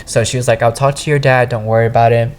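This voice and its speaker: A man's voice: medium pitch, fast talker. A young man, a podcast guest, casually and animatedly retelling a personal story. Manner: animated, lively retelling, often says "I was like".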